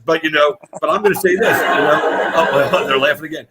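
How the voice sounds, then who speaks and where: A man's voice: fairly high pitch, brisk, a loud crowd, heavy background noise. A man hosting a casual live-streamed fighter interview show, effusive and rambling, with casual swearing.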